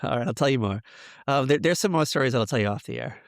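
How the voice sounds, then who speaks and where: This podcast co-host has a mid-range voice and talks quickly and animatedly, recorded in studio quality with no echo. He rambles through school stories in casual chat, packed with fillers and laughs.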